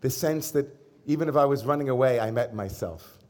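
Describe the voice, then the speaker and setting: Storytelling rabbi, relaxed and conversational. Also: male voice, medium pitch, brisk. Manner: conversational storytelling with gentle humor. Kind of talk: sermon.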